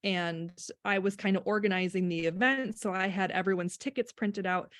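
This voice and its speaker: Middle-aged woman guest, lively storyteller, close dry sound. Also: medium pitch, normal speed, no echo. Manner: animated storyteller, acts out quotes with laughter. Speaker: guest, speech-language pathologist. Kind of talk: casual podcast chat.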